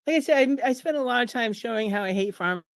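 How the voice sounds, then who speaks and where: A woman's voice: animated, very fast, no echo, clean studio sound. Chatty, sarcastic woman pharmacist in her fifties. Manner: chatty, sarcastic, acts out quoted voices in a higher pitch. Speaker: pharmacist and author giving a slide talk. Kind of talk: casual presentation over slides at a streamed fundraiser.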